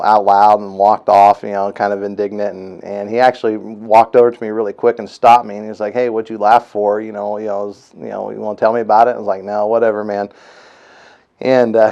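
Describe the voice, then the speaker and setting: A man's voice: fairly low pitch, level tone, a little fast, creaky, a little mellow, clear, resonant tone, muffled recording. A man casually telling the story of his colicky baby as a father's testimonial, rambling with many fillers and retelling what others said.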